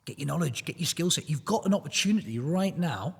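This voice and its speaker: Husky man with a long reverb. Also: a little high, animated, fast talker. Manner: blunt, motivational, joking asides. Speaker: prop trading firm team member. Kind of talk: casual roundtable chat. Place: studio.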